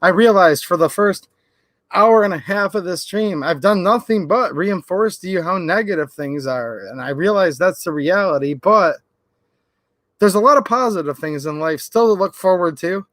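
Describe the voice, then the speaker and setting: A man's voice: high voice, animated, normal speed, fairly bright tone, dry recording. A man hosting a livestream, telling rambling stories and chatting with viewers. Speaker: channel host. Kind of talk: livestream commentary.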